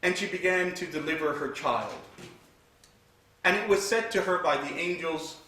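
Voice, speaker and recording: A man's voice: on the high side, normal speed, sharp tone. A man giving a religious lecture, retelling scripture vividly and reciting Arabic verses between his English. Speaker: Islamic teacher. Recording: echoey hall from far off.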